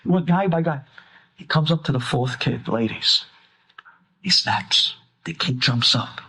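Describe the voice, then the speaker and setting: A man, a rabbi, telling a story to an audience in an animated way and acting out the characters as he goes. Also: sits high, moderate pace, breathy edge, low-quality recording.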